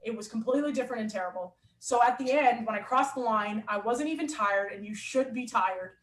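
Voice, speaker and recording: A woman athlete and coach telling a story in a lively, animated way in a casual interview. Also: on the high side, a little fast, a little hiss or hum. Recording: roomy echo.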